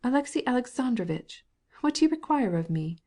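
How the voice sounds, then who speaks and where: A woman's voice: fairly high pitch, sing-song, a little fast, warm tone, voice pushed up. A woman voicing a frightened young wife who speaks in an earnest, hesitant way. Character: guilty, frightened young wife, defiant yet timid.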